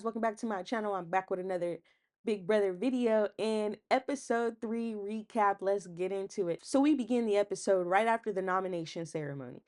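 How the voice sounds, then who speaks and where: A chatty woman talks straight to her viewers, recapping a reality show. She laughs often and slips into quick impressions of what people said, keeping it loose and casual. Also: mid-range voice. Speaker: YouTube recap host.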